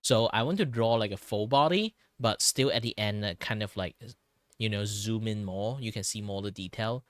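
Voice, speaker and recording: A young man whose first language is Cantonese, chatting casually while drawing, rambling with many fillers and restarts, his low voice tired from talking a lot. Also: moderate pace, dry recording, clean studio sound. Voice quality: low, relaxed tone. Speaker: streamer.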